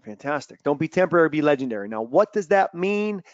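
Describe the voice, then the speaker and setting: A man coaching athletes in a lively webinar talk, telling stories and acting out quotes loudly. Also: on the high side, fast talker, dry recording, highs cut off. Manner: animated storytelling with loud acted-out quotes. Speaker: mental performance coach. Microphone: video call.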